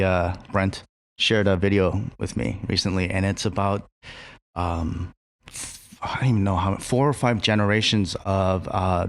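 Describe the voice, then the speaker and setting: A man who is a chef talks casually in a podcast interview. His voice is fairly low and dry, and he rambles through his thoughts with plenty of fillers and casual swearing. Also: no echo. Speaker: chef and restaurant co-owner.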